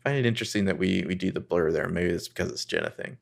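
A man co-hosting a podcast, recapping a TV episode in a relaxed, hesitant way and reading lines of dialogue aloud. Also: low voice, very fast, creaky. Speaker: podcast co-host. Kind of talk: casual chat recapping a TV episode.

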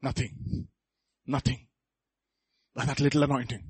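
A man preaching a sermon, swinging between quiet asides and loud exhortation and calling the congregation to repeat after him. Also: mid-range voice, little pitch movement, measured pace, breathy edge, no room sound. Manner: calls the congregation to repeat lines.

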